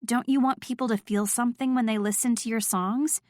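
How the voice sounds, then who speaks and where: A woman narrating a first-person romance audiobook in a steady, clear storytelling voice. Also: a little high, a little fast, dry recording, studio quality.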